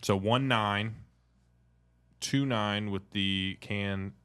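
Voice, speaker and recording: A man co-hosting a casual podcast chat over beers, jokey and quick to laugh. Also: lowish voice, a bit bright, clean tone. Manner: jokey, laughs often, slips into put-on accents. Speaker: podcast co-host.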